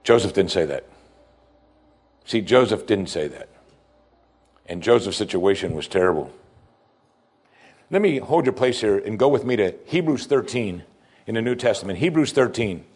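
A male pastor delivering a sermon, preaching emphatically with pitch that climbs and falls. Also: animated, unhurried, long pauses, a little mellow.

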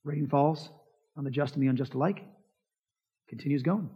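Husky-voiced preacher in an echoing hall. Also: male voice, mid-range voice, moderate pace. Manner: emphatic preaching with rhetorical questions and quoted asides. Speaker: pastor. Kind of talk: sermon. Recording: dull lo-fi sound with long hall reverb.

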